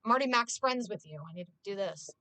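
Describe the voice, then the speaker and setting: A woman's voice: mid-range voice, lively intonation, fast talker, pushed and bright. A woman streamer in casual live-stream chat, talking freely to her viewers, swearing often and filling her talk with "like". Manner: chatty, swears often, heavy use of "like".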